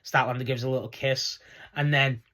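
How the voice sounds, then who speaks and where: A young man casually recapping a wrestling show, excitable and rambling, laughing often as he talks. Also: medium pitch, normal speed.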